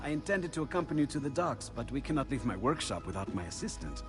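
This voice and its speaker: An actor playing an older Renaissance inventor, gentle, musing and absent-minded. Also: male voice, medium pitch, very animated, fast, over music, close to an everyday voice. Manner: gentle, musing, enthusiastic about his research.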